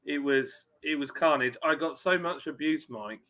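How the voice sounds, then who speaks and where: A man's voice: on the high side, normal speed, pushed and bright. A man hosting a casual live stream, chatting and greeting viewers by name. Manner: chatty, reads out viewer names.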